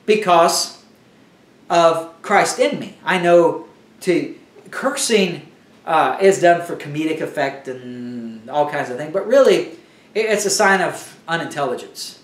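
A man's voice: a little high, animated, a little slow, echoey room, recorded from a distance. A man teaching a Bible lesson in a conversational sermon style, often restarting his sentences.

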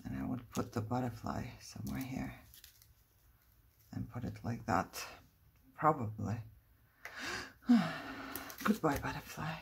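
A woman's voice: rumbling low, animated, takes it slowly, vocal fry, pauses often, a little hiss or hum. A middle-aged woman vlogging about her crafts, thinking aloud in a chatty, playfully dramatic way. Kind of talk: casual crafting chat.

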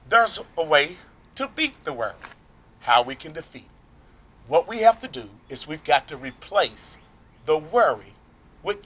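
A male pastor preaches outdoors with a lively, up-and-down delivery and a bright, forceful tone. His style is folksy and conversational, full of quick check-ins with the listener and bursts of excitement. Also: on the high side. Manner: animated, folksy preaching with call-and-response asides. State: sweating in the heat. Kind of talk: sermon.

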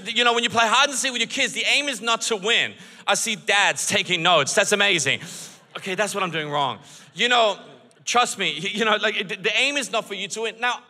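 Animated pastor preaching in a big hall. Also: male voice, very high voice. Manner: animated, joking and earnest by turns. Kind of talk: sermon. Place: church auditorium. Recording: long reverb of a large hall.

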